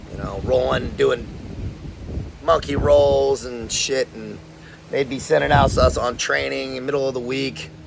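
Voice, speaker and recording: A man's voice: on the high side, creaky, a bit bright, a little hiss or hum. A man with a Californian accent, hosting and telling his own story in a laid-back, slangy way. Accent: Californian American. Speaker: host. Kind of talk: casual storytelling.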